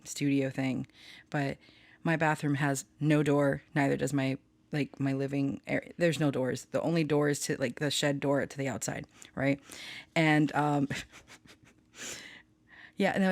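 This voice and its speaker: A woman with a bass voice, steady and darkish, talks a little slowly in a dry recording from her small home studio. As a tarot reader and spiritual channeler, she chats casually, rambling, laughing frequently and telling stories with self-aware melodrama.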